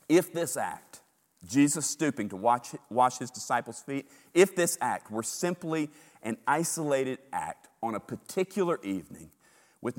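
A male pastor preaching a sermon with animated storytelling, repeating words in quick bursts. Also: lowish voice, in a large hall.

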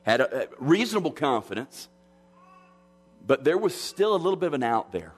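A pastor preaching an expository sermon, measured and earnest, often restarting his phrases. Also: mid-range voice, very animated, husky. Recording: long hall reverb.

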